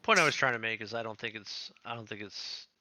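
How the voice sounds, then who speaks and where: A man in casual gaming voice chat, halting and supportive, swearing freely. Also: on the low side, sharp tone, muffled recording, slight background noise. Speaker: guild member.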